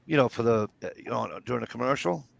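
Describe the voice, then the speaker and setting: A man's voice: medium pitch, lively intonation, fast talker, gravelly, no echo. A man, telling rambling, swear-filled stories in casual chat. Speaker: storyteller.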